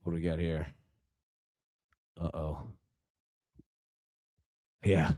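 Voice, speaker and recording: A man's voice: a bass voice, little pitch movement, drawn-out words, dark tone, dry recording, clean studio sound. A man hosting a live sports betting stream, chatting loosely with viewers and reacting to a baseball game, with lots of fillers and restarts. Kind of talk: casual live-stream chat.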